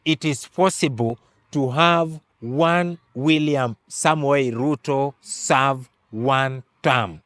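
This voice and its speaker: A man delivers a political commentary in a fairly high voice, working through numbers one by one with deliberate emphasis. The sound is dry and close, with no room echo. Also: fairly bright tone. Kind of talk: political analysis monologue.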